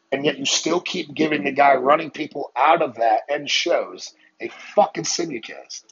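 A man hosting a podcast, delivering a heated, profane solo rant with rapid-fire rhetorical questions. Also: a little high, fairly bright tone. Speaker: podcast host. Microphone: phone. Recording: muffled lo-fi audio with crowd noise behind.

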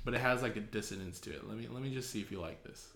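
A man's voice: on the low side, rapid-fire. A man co-hosting a podcast in casual chat, joking playfully and swearing. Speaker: podcast co-host. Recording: roomy sound with guitar playing.

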